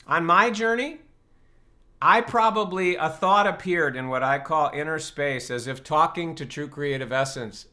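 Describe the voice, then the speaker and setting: A man's voice: on the high side, moderate pace, bright, forceful tone. A man hosting a live online Q&A show, talking casually and explaining his ideas through rhetorical questions. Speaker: host and personal-growth teacher.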